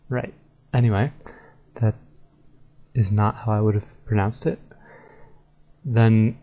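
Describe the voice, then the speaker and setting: A video creator talks casually to his viewers in a commentary video, easygoing and thinking aloud with fillers and self-corrections. His lowish, mellow voice holds a steady tone, moving slowly with frequent pauses, and the sound is lo-fi.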